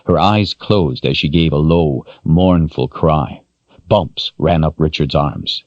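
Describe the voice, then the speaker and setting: A man narrating a fantasy audiobook in a steady, measured way. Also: very deep voice, no room sound. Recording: dry, dull lo-fi studio sound.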